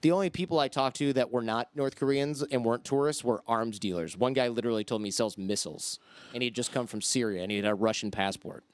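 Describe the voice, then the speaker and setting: Smooth-voiced man telling animated stories. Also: mid-range voice, quick pace. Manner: animated anecdotes with quoted voices. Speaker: podcast guest. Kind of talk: casual storytelling.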